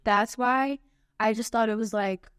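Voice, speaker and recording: A woman's voice: a little high, fairly even intonation, unhurried, a bit bright, clear, resonant tone, no room sound, clean studio sound. A woman guest on a podcast, talking in a frank, emphatic way with slangy asides. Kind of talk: casual podcast chat.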